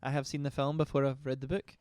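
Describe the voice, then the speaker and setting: Man, podcast co-host, dry teasing delivery, medium pitch, close dry sound. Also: level tone, fast talker, darkish tone, no room sound. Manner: dry, teasing, steers the talk. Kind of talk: casual chat.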